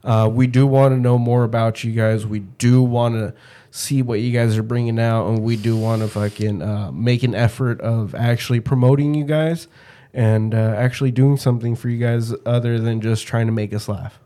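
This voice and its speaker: A man's voice: mid-range voice, fairly even intonation, moderate pace, mellow. A man hosting a podcast in casual, loose chat, swearing freely while he talks. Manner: loose, profane storytelling. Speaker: podcast host.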